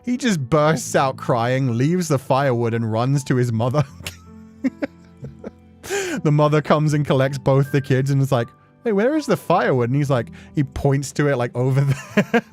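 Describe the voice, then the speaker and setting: A man's voice: mid-range voice, moderate pace, darkish tone, soft background music. A young man chatting casually on a stream, telling stories with many fillers and laughs.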